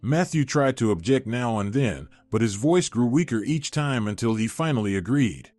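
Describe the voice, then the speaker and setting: A man narrating a scripted first-person story in an expressive, dramatic way. His pitch moves in a lively, animated arc. The sound is dry and close, with faint music underneath. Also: moderate pace, few pauses, no echo.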